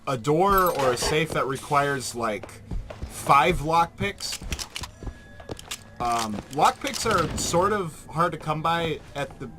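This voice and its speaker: A man gives loose, joking game commentary, swearing freely as he rambles along. His voice sits fairly high, and game noise runs clearly under him. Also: animated, slow pace. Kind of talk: Let's Play commentary.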